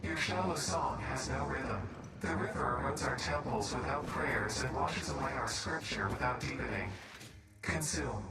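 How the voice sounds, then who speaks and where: A man's voice: medium pitch, moderate pace, vocal fry, pauses often, noisy background, lightly acted. A man voicing a cryptic alien entity that speaks in riddles, in a game. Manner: cryptic, chanting. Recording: distant with game music.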